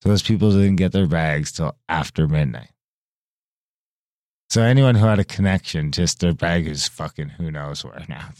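Deep-voiced man telling a profane story. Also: a little slow, darkish tone, no room sound, clean studio sound. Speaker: podcast co-host. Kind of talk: casual storytelling chat.

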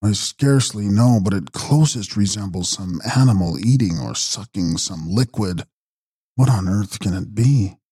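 A man voicing an alarmed young gentleman in a dramatized audiobook reading, speaking urgently and anxiously. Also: on the low side, measured pace, breathy edge, dry recording, studio quality.

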